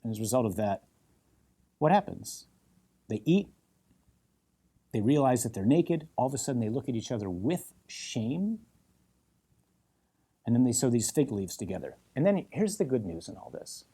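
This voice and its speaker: A man, a priest, preaching a sermon, stacking repeated phrases for emphasis and sinking to a soft, intimate tone for the calls he voices. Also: mid-range voice, big pitch swings, normal speed, long pauses, breathy edge. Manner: drops to soft, intimate tone when voicing God's call.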